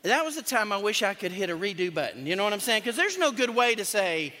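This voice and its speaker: A man's voice: sits high, very animated, fast talker, hardly any pauses, bright, forceful tone. A male pastor, preaching a sermon in a conversational, joking and emphatic way. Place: church sanctuary. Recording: long church hall reverb.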